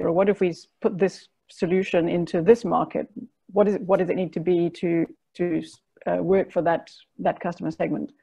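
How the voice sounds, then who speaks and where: Woman panelist, flat gravelly delivery, dark tone, lo-fi call audio. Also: lowish voice. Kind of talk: online panel discussion.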